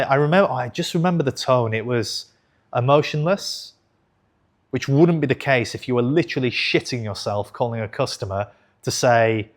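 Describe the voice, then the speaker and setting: A man in his thirties telling a personal story to camera in a frank, conversational way, swearing casually and correcting himself as he goes. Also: mid-range voice. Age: 30s. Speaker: investing channel host.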